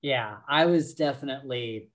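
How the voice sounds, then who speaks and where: A man co-hosting a podcast, slowly and casually retelling book scenes with lots of fillers and restarts. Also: medium pitch. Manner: slow, rambling retelling full of fillers. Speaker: podcast co-host.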